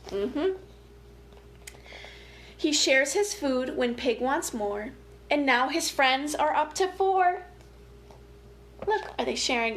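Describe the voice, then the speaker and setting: High, unhurried storytime reader. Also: female voice, animated, a little hiss or hum. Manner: gentle, playful, chatty asides to young listeners. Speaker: family educator. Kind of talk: reading a picture book aloud to children.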